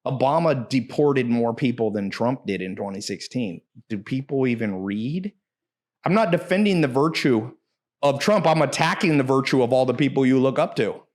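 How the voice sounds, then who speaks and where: A man talking casually on a podcast, brash and profane, with a middle-pitched voice. He tells stories in quick runs and punches words hard for emphasis. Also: lively intonation, a little mellow.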